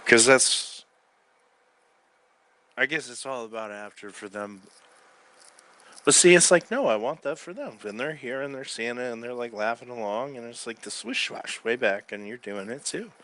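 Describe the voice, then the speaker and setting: A man delivering a rambling spoken-word monologue from his bed into a microphone, swinging between loud outbursts and quiet mutters. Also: mid-range voice, normal speed. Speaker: recording artist. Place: bedroom.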